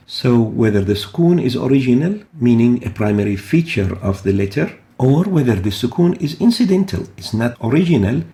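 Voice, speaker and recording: Patient male teacher, gravelly voice. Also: mid-range voice, dark tone. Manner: patient, repeats example words slowly. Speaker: Quran recitation teacher. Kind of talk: explaining tajweed rules step by step.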